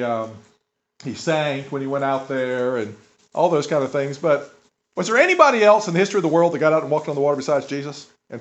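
Folksy male pastor, slightly high voice, dull lo-fi church recording. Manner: folksy, asks the congregation questions. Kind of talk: conversational sermon.

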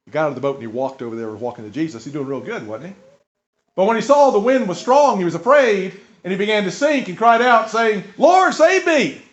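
Folksy male pastor, slightly high voice, dull lo-fi church recording. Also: fast talker. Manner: folksy, asks the congregation questions. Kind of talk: conversational sermon.

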